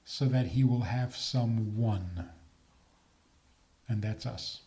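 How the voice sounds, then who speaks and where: A man's voice: medium pitch, slow pace. An older man, a rabbi, giving a talk on faith with jokes and rhetorical questions. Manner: animated, joking, rhetorical questions.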